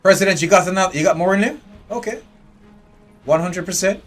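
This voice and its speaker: A man's voice: high voice, a little fast, soft background music. Chatty man streaming a game. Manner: chatty, talks to his game characters. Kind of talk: live gameplay commentary.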